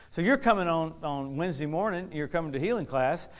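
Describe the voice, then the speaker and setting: A man preaching a lively sermon to a responding congregation, exuberant, laughing often and repeating key phrases for emphasis. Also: fairly high pitch, brisk. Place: church service with a responding congregation.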